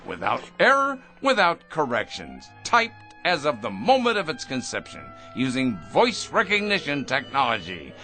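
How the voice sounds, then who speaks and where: A man's voice: mid-range voice, huge pitch swings, unhurried, pushed and bright, faint music behind, heavily acted. A middle-aged man playing a cold, pompous factory owner who is obsessed with efficiency and speaks condescendingly. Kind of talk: 1960s radio drama acting.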